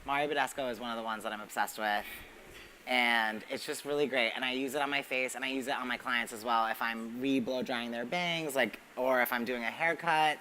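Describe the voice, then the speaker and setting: A man hairstylist raves about a favorite product on a beauty panel, gushing that he cannot live without it. His voice is bright and forceful at a middling pitch, and he speaks at a live fashion event. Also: fairly even intonation, a little fast, a little hiss or hum, poor audio. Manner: gushing, says he is obsessed. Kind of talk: casual panel talk.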